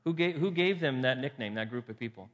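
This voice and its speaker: His medium-pitched voice is animated and fairly quick as the pastor preaches a sermon that feels like a conversation. He throws rhetorical questions at the congregation and repeats phrases for emphasis, all with a long hall reverb.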